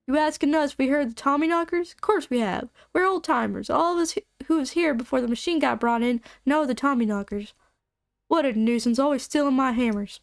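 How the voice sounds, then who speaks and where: A folksy old miner with a put-on Southern drawl, gruff and unhurried, as a woman reads him aloud. The voice sits high for a man, and the recording is close and dry, with no room sound. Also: dry recording.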